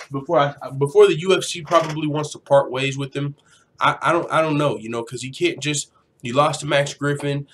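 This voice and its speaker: A man's voice: mid-range voice, a little hiss or hum. A young man hosting a casual MMA livestream, rambling and profane, reading out chat comments. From grew up in a Mexican neighborhood. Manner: rambling, profane, slangy, with mock voices.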